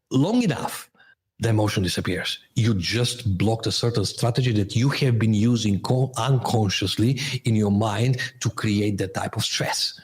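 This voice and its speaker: Husky-voiced man coaching with emphasis. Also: fairly low pitch. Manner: emphatic, explains with metaphors, non-native phrasing. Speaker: guest, transformation coach. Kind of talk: podcast interview.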